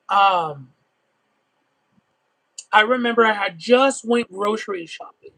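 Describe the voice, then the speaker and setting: Young male vlogger, high voice with gravel, candid and emotional, swears freely. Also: sharp tone, poor audio. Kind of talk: casual storytelling on a food stream.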